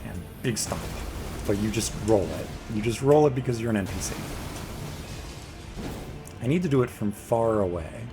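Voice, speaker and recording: Low-voiced man chatting through a boss fight. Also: lively intonation, normal speed, pauses often. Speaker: gaming video creator. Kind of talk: casual let's play commentary. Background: game music.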